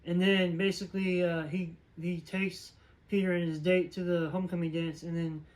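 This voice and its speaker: High-voiced man rambling through a plot recap. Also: little pitch movement, normal speed, low-quality recording. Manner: rambling, filler-heavy retelling. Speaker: movie reviewer. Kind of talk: casual movie plot recap.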